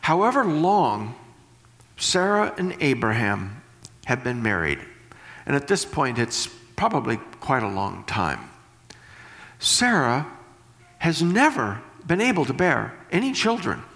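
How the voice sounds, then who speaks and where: A man preaching a sermon, reading scripture slowly and then paraphrasing it in animated bursts. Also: medium pitch, big-room sound.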